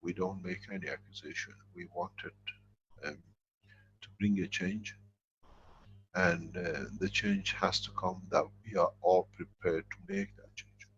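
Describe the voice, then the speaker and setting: Gravelly low man, halting lecture. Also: steady tone, fairly bright tone, muffled recording, a little hiss or hum. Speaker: foundation leader answering questions. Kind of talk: lecture with questions and answers.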